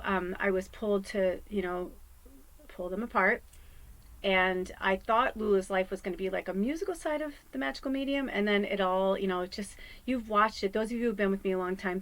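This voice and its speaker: Woman, medium, chatty and rambling, candid, swears, laughs a lot, mid-pitched voice. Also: rough recording. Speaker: psychic medium and card reader. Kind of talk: casual rambling talk to viewers. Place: at home.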